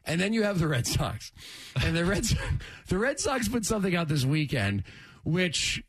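A man's voice: high-pitched, big pitch swings, normal speed, slightly rough. A man hosting sports talk radio, rambling and joking as he tells a story.

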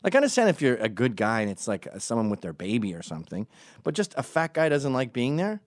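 A man's voice: medium pitch, wildly swooping pitch, quick pace, no echo. Sardonic man in his forties, dry close mic. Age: 40s. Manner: rambling, sardonic storytelling with voiced asides. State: recovering from strep throat. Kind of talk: casual comedic monologue.

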